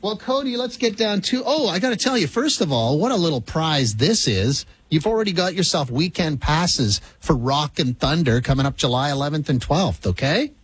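A man hosting a radio quiz show with a brisk, playful quizmaster manner. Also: a little high, lively intonation, husky, no room sound.

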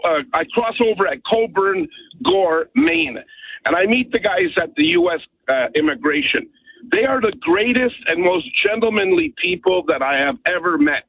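A man from Montreal rants on a call-in show over a tinny telephone line. His voice is high and husky, and it sounds dry and close. He talks emphatically, rambles and keeps asking "okay?". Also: no echo. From Montreal, Canada. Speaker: caller. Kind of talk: call-in radio rant.

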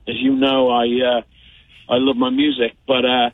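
A man's voice: medium pitch, completely flat delivery, normal speed, no room sound. Rambling man on a tinny phone line. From United Kingdom. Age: 50s. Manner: rambling, chatty, lots of fillers. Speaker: caller. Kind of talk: phone call-in chat.

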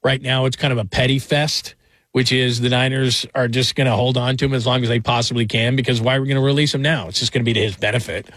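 A man's voice: medium pitch, steady tone, fast, a bit bright, no echo. A man hosting a sports talk radio show, chatting casually and rambling through stories with small laughs. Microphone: studio microphone.

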